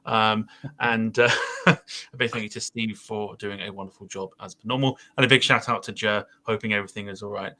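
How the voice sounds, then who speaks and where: A man hosts a laid-back podcast with a bright, forceful tone. His speech rambles along with frequent fillers like "um" and "uh", and he keeps the chat loose and friendly. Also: fairly low pitch, fairly even intonation, fairly quick. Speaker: podcast host.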